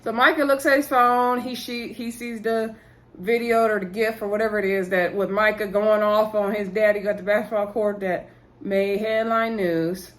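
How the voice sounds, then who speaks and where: A woman's voice: medium pitch, fairly even intonation, normal speed. A woman vlogger recapping a TV episode in a casual, rambling way, chatting straight to her viewers with lots of asides. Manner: rambling, talks to viewers directly, frequent "so anywho" asides.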